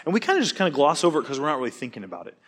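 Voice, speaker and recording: A man's voice: a little high, breathy edge. A man teaching a Bible study class, asking the class questions and cracking jokes between points. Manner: animated, joking, quick asides, questions to the class.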